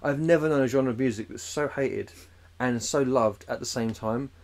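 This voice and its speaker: A man's voice: mid-range voice, normal speed, a little mellow. A man, co-hosting a podcast in casual chat, rambling and swearing as he jumps into put-on voices. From England. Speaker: podcast co-host.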